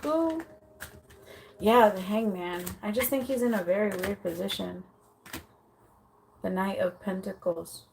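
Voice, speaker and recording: A woman's voice: medium pitch, a little slow, gravelly, pauses often, slight background noise, poor audio. A woman doing a casual live tarot reading, talking loosely with lots of fillers and acting out what the man thinks. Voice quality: lively, voices the client's partner with swearing. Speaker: tarot reader.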